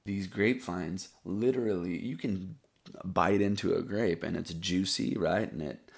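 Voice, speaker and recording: A man with a deep voice and a rough, gravelly edge talks in a loose, rambling way. He tells a story as a casual podcast host and drops in "dude" and "buddy" as he goes. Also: a little slow. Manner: rambling, laid-back storyteller who calls listeners buddy and dude. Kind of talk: casual storytelling and poetry reading.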